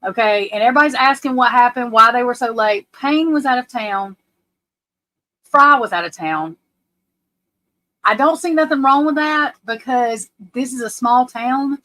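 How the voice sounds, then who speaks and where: A woman's voice: on the high side, normal speed, sharp tone, low-quality recording. A woman hosting a livestream, ranting bluntly and with profanity about a court case. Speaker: livestream host. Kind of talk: casual livestream commentary.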